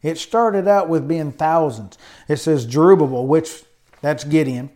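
A man's voice: fairly high pitch, measured pace, mellow. A man preaching a sermon in an emphatic style, often adding amens and hallelujahs. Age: adult with college degree. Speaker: pastor.

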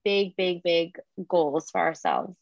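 A woman's voice: on the low side, very animated, slow, no room sound, highs cut off. A woman guest in a podcast interview who owns a beauty school, talking casually and chattily. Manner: casual, chatty, many "like" fillers.

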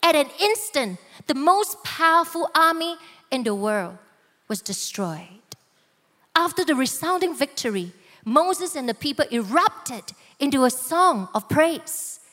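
A woman preacher giving a dramatic sermon, slowing down for emphasis and acting out the voices of people in the story. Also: high-pitched, expressive, sharp tone, big-room sound. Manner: dramatic, slow emphatic delivery with voiced quotes.

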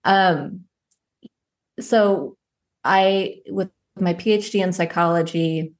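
Low-voiced woman telling stories. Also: steady tone, slow. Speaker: psychologist guest. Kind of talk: conversational interview.

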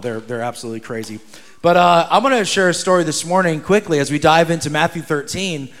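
A man from New Jersey preaching as a guest, telling funny stories with animated, joking energy. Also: fairly high pitch. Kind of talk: sermon with humorous storytelling.

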